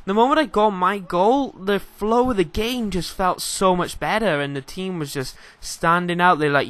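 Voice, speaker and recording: A young Welsh-accented man talks through a football game in a casual, rambling voice-over. His voice sits a bit high and comes across bright and forceful. He fills gaps with ums and restarts. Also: moderate pace, few pauses, no room sound. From Wales. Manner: rambling, casual, filler-heavy. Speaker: gaming YouTuber.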